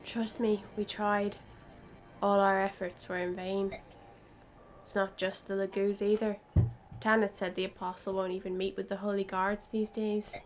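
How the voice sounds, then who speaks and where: A woman voicing a weary, dutiful female knight in a soft, subdued voice. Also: medium pitch, level tone, unhurried, faint music behind, close to an everyday voice. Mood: resigned.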